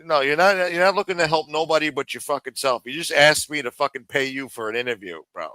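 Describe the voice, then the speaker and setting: A man hosting a live stream, ranting in a profane, sarcastic and animated way. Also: a little high, fast, no echo. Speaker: live show host.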